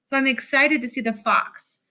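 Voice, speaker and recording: A woman teacher giving a recorded lesson to children, speaking slowly and clearly with strong emphasis. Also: high-pitched, sharp tone.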